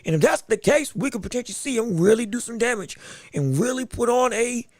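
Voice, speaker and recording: A man hosting a live podcast, giving rapid round-by-round boxing commentary with excited outbursts. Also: very high voice, no room sound, clean studio sound. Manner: rapid play-by-play, excited outbursts, talks to the chat. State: hiccups.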